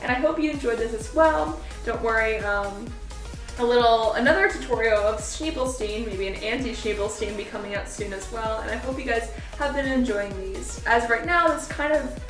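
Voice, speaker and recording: A woman's voice: fairly high pitch, moderate pace, far from the mic. Giggly young woman in an echoey room. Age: young adult. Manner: chatty and giggly, with frequent laughs and "like" fillers. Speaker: cosplay vlogger. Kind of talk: casual makeup and costume tutorial. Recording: roomy echo, voice away from the mic, faint music.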